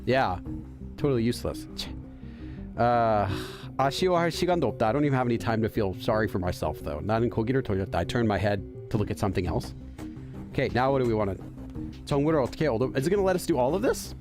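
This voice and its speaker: A man's voice: medium pitch, expressive, racing, music in the background. A man hosting a let's play, reading game text aloud and translating it line by line as he thinks aloud. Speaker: host of a game channel for Korean learners.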